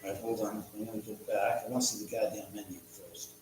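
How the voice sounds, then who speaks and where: A man's voice: fairly low pitch, level tone, quick pace, heavy reverb, noisy background. A man hosting a casual live stream from his home, rambling, muttering to himself and swearing often. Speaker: livestream host.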